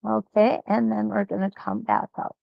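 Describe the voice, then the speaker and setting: A woman hosting a live quilt-along, talking slowly and reassuringly as she thinks aloud through each stitching step. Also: medium pitch, flat delivery, gravelly, dry recording, lo-fi sound. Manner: slow, reassuring, thinks aloud while sewing.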